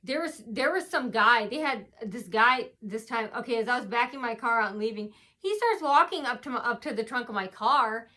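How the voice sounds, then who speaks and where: A woman's voice: a little high, expressive, moderate pace, few pauses, sharp tone. A woman vlogger telling a long story to camera, rambling with many fillers and restarts, tearful from earlier crying. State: tearful, face swollen from crying.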